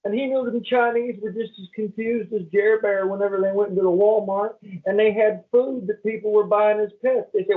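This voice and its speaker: A man joining a comedy podcast with mock-serious, deadpan joke bits. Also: high-pitched, a little fast. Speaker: podcast co-host. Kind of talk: casual comedic chat. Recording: thin phone-like sound.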